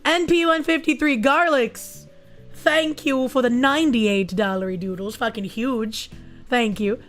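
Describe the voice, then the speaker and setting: Her voice slightly high and a bit bright yet raspy and husky, a VTuber who's going hoarse after illness reads super chats at a measured pace with faint music behind. She keeps things casual and crude, cursing frequently.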